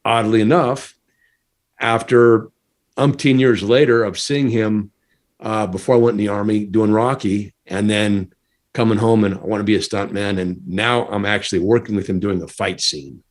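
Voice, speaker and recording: A middle-aged American man, a former stuntman, telling a story casually, laughing often and acting out quotes. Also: lowish voice. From United States.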